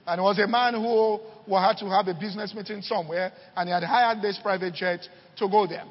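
A man's voice: high-pitched, steady tone, a little fast, big-room sound, lo-fi sound. A male pastor preaching a sermon, telling stories and often checking in with "all right" and "okay".

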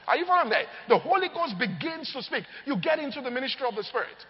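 A man's voice: extremely high pitch, lively intonation, fast talker, hardly any pauses. A man preaching a sermon, telling stories with energy and often asking the crowd if they follow him. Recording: long hall reverb, dull lo-fi sound.

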